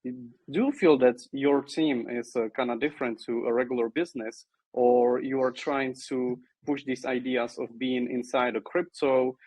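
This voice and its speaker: Man, podcast host, halting, many fillers, dry sound. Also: mid-range voice, level tone, a little mellow, no room sound, rough recording. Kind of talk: casual podcast interview.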